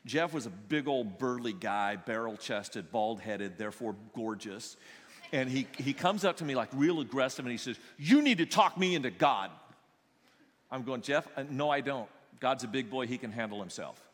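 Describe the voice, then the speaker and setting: A man pastor telling stories in a sermon, animated and joking, acting out the people he quotes. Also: mid-range voice, moderate pace. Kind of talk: sermon storytelling. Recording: long echo of a large hall.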